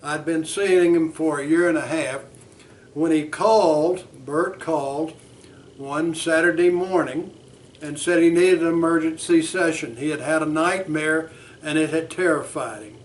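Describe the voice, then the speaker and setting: Slow, measured male therapist. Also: fairly high pitch, fairly even intonation, slight background noise. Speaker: psychotherapist. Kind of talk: teaching lesson with role-play.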